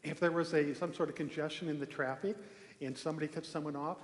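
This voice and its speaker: Man with a high voice speaking in an echoing hall. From Norway. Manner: relaxed storytelling, with pauses and restarts. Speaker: minister giving a talk. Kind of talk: conversational sermon with a personal story. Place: large echoey temple hall. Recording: echoey hall with long reverb.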